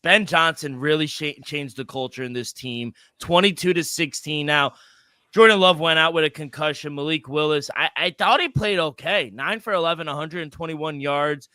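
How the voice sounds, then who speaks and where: Guy co-hosting a sports betting show, sharp bright voice, dry close sound, gets all fired up. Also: on the high side, normal speed, clear, resonant tone, dry recording. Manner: excitable, swearing, loose restarts. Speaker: podcast co-host. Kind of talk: casual sports betting chat.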